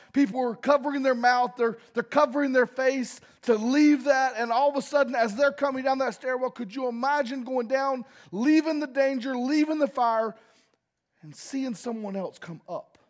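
Speaking straight to his congregation, a male pastor preaches with passion, his loudness rising and falling sharply. His voice is very high.

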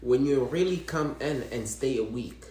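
A man's voice: medium pitch, moderate pace, darkish tone. A young man with a Senegalese French accent, talking earnestly and reflectively in casual, slangy chat. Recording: echoey room, faint background noise.

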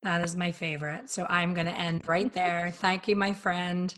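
A woman's voice: fairly low pitch, level tone, normal speed, a bit bright. A woman hosting a podcast, chatting with a guest in a friendly, gushing way. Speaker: podcast host. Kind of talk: casual podcast interview.

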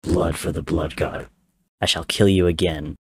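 A man voicing a weary blood god who speaks gravely and exhaustedly. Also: deep voice, fairly even intonation, unhurried, darkish tone, dry recording, clean studio sound.

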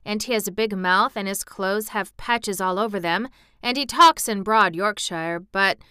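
A woman's voice: mid-range voice, normal speed, bright, forceful tone, clear, resonant tone, no room sound, studio quality, natural voice. A woman doing a blunt, earnest little girl. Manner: frank and insistent. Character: blunt, earnest, sour-tempered young girl. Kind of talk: storybook read-aloud.

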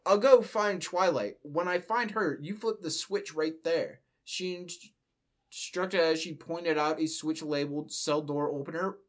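A young man gives a comedic read-aloud of a fan story, his voice sitting a little high. He stops now and then for joking asides and laughs with a friend. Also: fairly even intonation, a little slow. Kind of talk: comedic dramatic reading.

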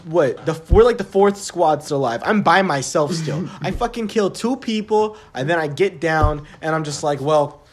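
A man's voice: on the high side, moderate pace, few pauses. A young man in casual chat, telling a profane, ranting story and laughing often.

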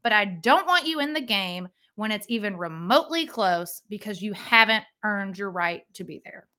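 A woman's voice: medium pitch, expressive, moderate pace, pushed and bright. A woman in her thirties co-hosting a podcast in casual chat, heated and exasperated, often laughing through her anger. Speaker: podcast co-host.

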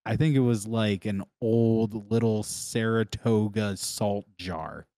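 A man's voice: lowish voice, slow pace, dark tone, no echo, clean studio sound. A man co-hosting a podcast, telling a loose, rambling story with lots of laughter. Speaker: podcast co-host. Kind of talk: casual storytelling chat.

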